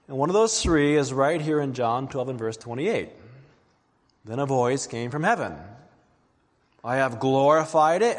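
A man preaching a sermon as pastor, dramatic, dropping to a hush and then rising to emphatic peaks. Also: fairly high pitch, long reverb tail. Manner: dramatic, swings from hushed to emphatic.

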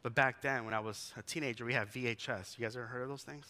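A man's voice: medium pitch, fairly even intonation, fast talker, pushed and bright. A man in his forties, a pastor giving a conversational sermon in a church, telling stories and asking the congregation questions. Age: 40s.

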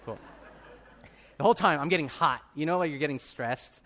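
A man in his thirties preaching a sermon as a pastor, telling a personal story with animated delivery and acted-out voices. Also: on the high side, fairly quick, slight background noise.

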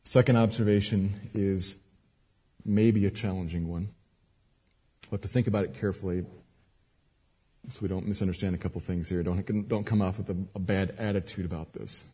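A man preaching a sermon as a pastor, moving between quiet earnest teaching and raised, emphatic cries. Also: deep voice, steady tone, moderate pace, long pauses, breathy edge. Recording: long hall reverb.

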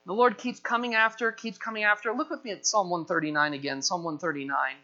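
A pastor preaching with an animated delivery, slipping into the voices of the people in his story. His voice sits high and bright. The recording sounds a little dull and lo-fi. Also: fast. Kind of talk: sermon.

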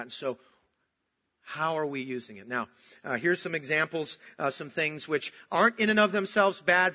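A man preaching a sermon, moving between animated storytelling and soft, earnest emphasis. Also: medium pitch, highs cut off. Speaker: pastor.

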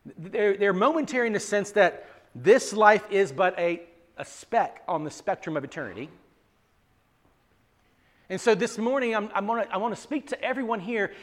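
A man with a fairly high voice preaches to his congregation. He is earnest and restarts his words often, rising to loud emphasis and then dropping to near-quiet pleading. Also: expressive, normal speed. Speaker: pastor. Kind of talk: sermon.

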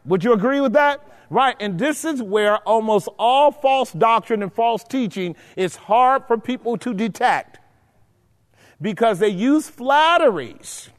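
Male Bible teacher with a high voice, forceful and repetitive, recorded with long hall reverb. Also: animated, measured pace. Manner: emphatic, repeats points, checks in with listeners. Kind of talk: preaching Bible study.

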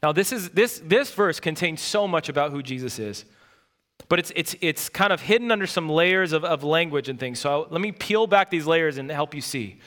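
A male pastor delivers a sermon with a high, bright voice that keeps an edge of intensity. He hammers his points home by repeating key words and phrases. His delivery is emphatic and earnest throughout. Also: expressive, moderate pace.

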